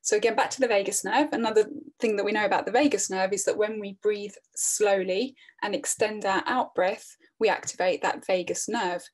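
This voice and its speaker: A middle-aged woman presenting a training webinar in a calm, earnest way, often restarting her phrases. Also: medium pitch, brisk, hardly any pauses. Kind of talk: online training talk.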